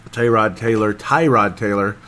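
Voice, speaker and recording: Rambling excitable man recapping football. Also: lowish voice, moderate pace. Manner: rambling, excitable, loses his train of thought. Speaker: sports show host. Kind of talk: casual solo sports commentary.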